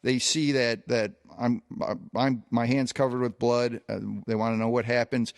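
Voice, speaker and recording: A man's voice: medium pitch, level tone, moderate pace, clean tone, dry recording, clean studio sound. A man co-hosting a podcast, recounting a long personal anecdote in a casual storytelling way, with plenty of fillers and restarts. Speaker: podcast co-host.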